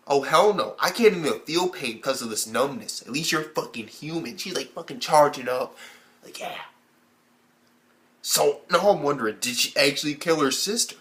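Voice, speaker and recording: Young male anime reviewer, casual and foul-mouthed, animated, leaps into high-pitched reactions. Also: normal speed. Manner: animated, heavy swearing, acts out characters in high squeaky bursts. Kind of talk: casual profane video review.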